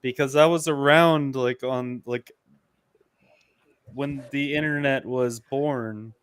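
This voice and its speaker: A man's voice: medium pitch, steady tone, slow, clean tone, dry recording. A young man chatting casually on a stream, telling a story in a laid-back, crude way. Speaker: guest on stream.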